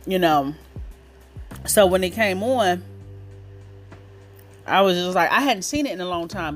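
A woman's voice: medium pitch, a bit bright. A woman in her thirties hosting her own podcast in casual chat, candid and talkative, cursing freely and laughing easily. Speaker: podcast host.

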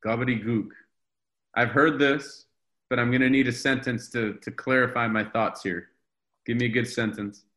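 Male guest, mid pitch, bright tense tone, affirming and easygoing. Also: fairly even intonation, moderate pace. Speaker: podcast guest. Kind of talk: casual podcast chat.

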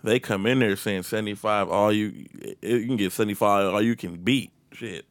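A man hosting a casual podcast chat, cutting in with loud jokes and frequent laughter. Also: on the low side, steady tone, normal speed, no room sound. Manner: loud joking interjections, laughs often.

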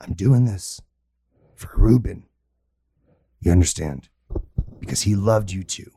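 A man voicing a grim male survivor who speaks in a low, measured, pleading way in a tabletop game. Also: expressive, gravelly, dark tone, breathy edge, no echo, studio quality, full character voice.

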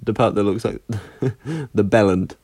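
A man's voice: on the low side, slow pace, a little mellow, husky. A man co-hosting a podcast in casual chat over a video call, with dry teasing remarks. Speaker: podcast co-host.

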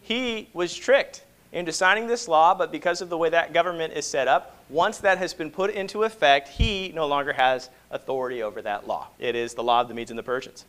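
A man preaching a sermon to a congregation, moving between hushed, slow passages and loud, emphatic ones and often asking rhetorical questions. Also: a little high. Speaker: pastor.

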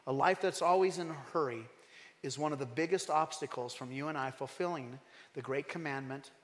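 A man preaching a sermon as pastor, animated and emphatic, asking his congregation questions. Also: medium pitch, in a large hall.

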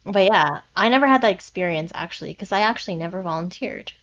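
Young canadian woman, relaxed matter-of-fact chat, muffled mic, faint hiss. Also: fairly low pitch, fast. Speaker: podcast co-host. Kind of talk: casual chat among friends.

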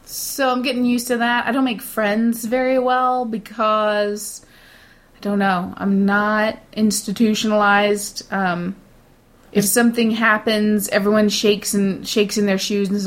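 A woman's voice: mid-range voice, level tone, a little slow. A middle-aged woman, a shift supervisor, chatting casually in a blunt, self-assured way and mocking others with put-on voices when she quotes them. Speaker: data center shift supervisor. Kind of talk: casual chat.

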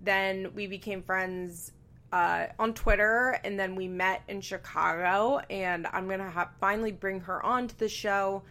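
A woman's voice: medium pitch, pushed and bright. A young woman hosting a casual solo podcast from a bedroom at home, chatty and sarcastic, swearing freely and laughing between remarks. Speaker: podcast host. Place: bedroom at home with a fan running.

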